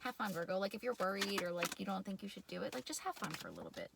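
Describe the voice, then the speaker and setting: A woman with a New York accent giving a casual, rambling tarot reading, full of fillers and quick laughs. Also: medium pitch, huge pitch swings, vocal fry, heavy background noise. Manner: chatty, rambling, lots of "like" and laughs. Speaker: tarot reader.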